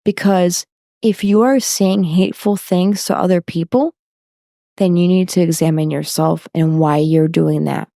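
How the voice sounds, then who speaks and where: A woman's voice: fairly low pitch, fairly even intonation, gravelly, dark tone, no echo, clean studio sound. A woman from New York talking loosely as a podcast guest, full of fillers and tangents. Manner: slow, loose and talkative, with fillers. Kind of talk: casual interview chat.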